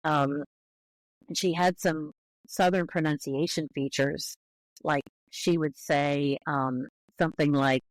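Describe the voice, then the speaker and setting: A woman's voice: sits low, steady tone, takes it slowly, no room sound, rough recording. A woman guest on an interview, speaking as a linguist in a careful, explanatory way with frequent restarts.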